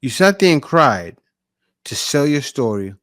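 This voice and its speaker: A man's voice: medium pitch, sing-song, a little slow, a bit bright. A man in a mid register talks over clips he is reacting to, bluntly and dismissively. His commentary is casual and offhand, like a host speaking straight to his viewers.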